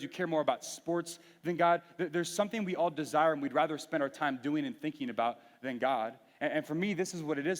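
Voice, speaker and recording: A young man preaching to a youth group, telling a personal story candidly and earnestly, with frequent restarts. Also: on the high side. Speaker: youth pastor. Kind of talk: sermon. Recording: reverberant hall.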